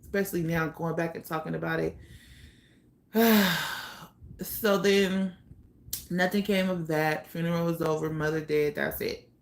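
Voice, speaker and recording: A young woman recounts her own life in a candid, blunt monologue, often stopping on fillers. Her voice sits a little low and carries a gravelly fry. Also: steady tone, measured pace, long pauses. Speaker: storyteller. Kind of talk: personal storytelling monologue.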